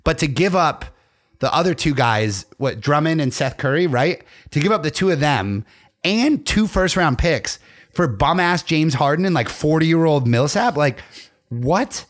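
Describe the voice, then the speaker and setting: A man's voice: on the high side, expressive, a little slow. A man hosting a podcast, chatting loosely and joking, swearing freely. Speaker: podcast host. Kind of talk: casual podcast banter.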